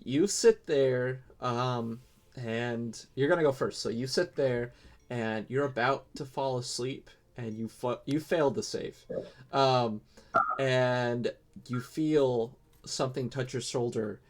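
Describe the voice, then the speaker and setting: A man narrating as game master, relaxed and casual with frequent fillers. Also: mid-range voice, slow pace.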